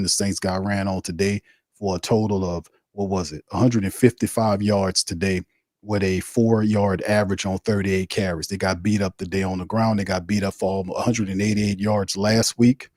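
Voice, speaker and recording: A man's voice: sits low, darkish tone, dry recording, studio quality. A man hosting a live sports watch party, ranting bluntly and repeating himself. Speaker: sports podcast host.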